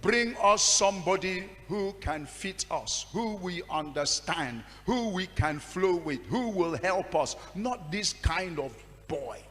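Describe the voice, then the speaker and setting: A man's voice: sits high, expressive, takes it slowly, hardly any pauses, fairly bright tone, big-room sound, voice pushed up, full character voice. A man voicing an indignant woman from the congregation who demands that a new pastor be brought in. He delivers it as a scolding outburst during a preached story.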